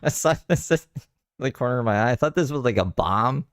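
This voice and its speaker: A man's voice: mid-range voice, animated, a little fast, clean tone, no echo. A man from Ontario, chatting casually in a dry, offhand, rambling way. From Ontario, Canada. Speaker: vlogger. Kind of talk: casual chat.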